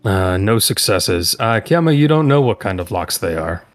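A man narrating as game master of a tabletop role-playing game, in loose, halting speech full of fillers. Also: lowish voice, sing-song, faint music behind.

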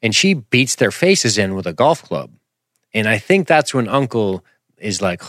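A man hosting a podcast, reviewing a film in an animated, rambling, jokey casual chat. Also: fairly low pitch, moderate pace, dry recording. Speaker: podcast host.

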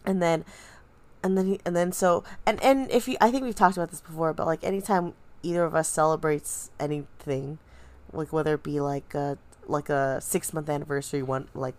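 A woman's voice: deep voice, steady tone, a little fast, a little mellow. A woman who is a guest on a podcast, chatting casually and jumping in to tell her side of a story. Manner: chatty, interrupts to take over the story. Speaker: guest, host's fiancée. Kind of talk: casual chat.

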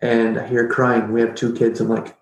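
Animated storytelling man, roomy sound. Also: mid-range voice, moderate pace. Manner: animated, jokey, acts out his own past reactions. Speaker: podcast guest. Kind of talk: casual storytelling interview. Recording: roomy echo.

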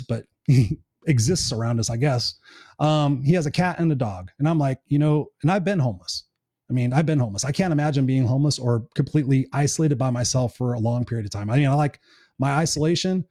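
A middle-aged man talking quickly in an earnest, encouraging live-stream chat. His voice sits a bit high but sounds dark and mellow. The sound is dry and close, with no room around it. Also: dry recording. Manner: earnest, encouraging, swears casually. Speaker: live show host.

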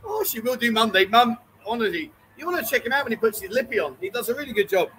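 A man's voice: very high voice, animated, fast, fairly bright tone, slight background noise, rough recording. A man hosting a casual live stream from a bar, teasing his co-host and reading out viewer comments. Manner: teasing banter, reads viewer comments aloud.

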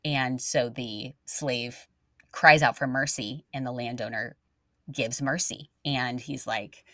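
A woman's voice: very deep voice, takes it slowly, dry recording, clean studio sound. A young adult woman co-hosting a faith podcast, telling stories earnestly and acting out what people said. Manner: earnest storytelling, animated quoted voices. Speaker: podcast co-host. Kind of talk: casual faith podcast chat.

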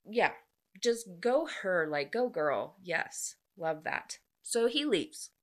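A young woman casually retelling a book's plot in a chatty, animated way, full of filler "likes". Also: medium pitch, slow. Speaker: book vlogger.

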